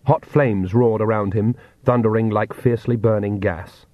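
A man's voice: fairly low pitch, steady tone, normal speed, no echo, narrow, tinny audio. Dry-voiced male audiobook narrator. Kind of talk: scripted narration.

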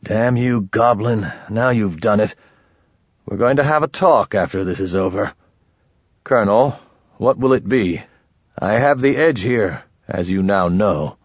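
Brief: man reading a blustering colonel, low and husky. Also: animated, unhurried, dry recording, muffled recording. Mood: angry. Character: angry, cornered male army colonel. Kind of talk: audiobook character voice.

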